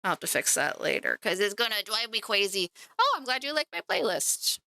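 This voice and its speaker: A woman's voice: medium pitch, very animated, brisk, sharp tone, dry recording. A woman streaming live while painting miniatures, chatting to viewers in a self-mocking way. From Canada. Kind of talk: casual livestream chat.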